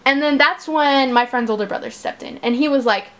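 A teenage girl casually retelling a school story, chatty and animated, acting out the quotes with exasperation. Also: sits high, a little fast. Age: teens.

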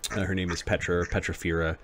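A man narrating as game master for a tabletop game, halting with many restarts. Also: low voice, level tone, background noise.

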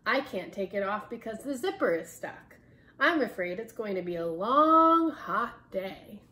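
A woman voicing a grumpy, flustered schoolteacher stuck in her coat, in a lower, heavier voice than her narration. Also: very animated, unhurried, pushed and bright. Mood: uncomfortable.

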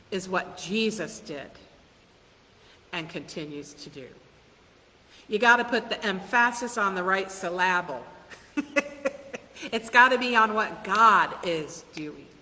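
Slow, bright-voiced woman pastor preaching. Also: mid-range voice. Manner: earnest, questioning, with soft laughs. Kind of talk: sermon. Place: church sanctuary. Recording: hiss and long church reverb.

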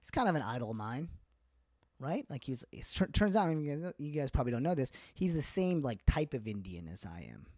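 A man's voice: mid-range voice, sing-song, a little fast, darkish tone, no echo, studio quality. A man doing a comedian's casual stand-up bits on a livestream, rambling and self-deprecating, laughing at his own jokes. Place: indoors, livestream.

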